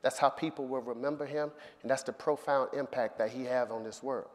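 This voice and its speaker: A man's voice: mid-range voice, a little fast. A middle-aged man telling a personal story to an audience, acting out the voices of the people in it. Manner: animated storyteller, acts out voices. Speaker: speaker. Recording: long reverb of a hall.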